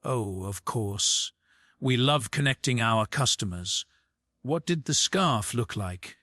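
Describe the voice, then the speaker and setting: A man voicing a polite, obliging shop clerk with a warm voice and a Boston accent. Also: medium pitch, expressive, takes it slowly, no room sound, studio quality. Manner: polite, helpful.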